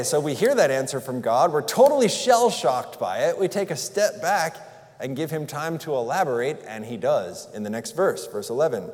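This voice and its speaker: Male pastor, earnest conversational sermon, fairly high voice, reverberant hall. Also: darkish tone. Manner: earnest, conversational preaching with rhetorical questions. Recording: long reverb in a large hall.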